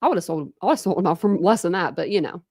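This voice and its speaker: A woman's voice: lowish voice, fast talker, no echo. Woman hosting a true crime live, chatty and reacting to chat, dry close mic. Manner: chatty, animated, reacting to viewer comments. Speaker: true crime channel host. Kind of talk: casual live-stream chat.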